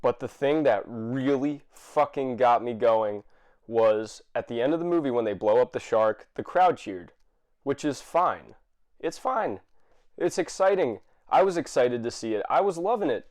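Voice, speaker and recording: A man ranting to camera, exasperated and swearing, with many fillers and restarts and sudden bursts of shouting. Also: medium pitch. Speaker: vlogger. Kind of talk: angry rant to camera.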